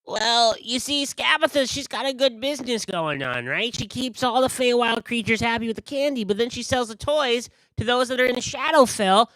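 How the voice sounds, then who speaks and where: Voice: medium pitch, expressive, normal speed, hardly any pauses, a bit bright, dry recording, voice pushed up, natural voice. A game master voicing a cheeky, pushy male candy vendor with a pumpkin for a head, talking in a brash, streetwise way. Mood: hawking.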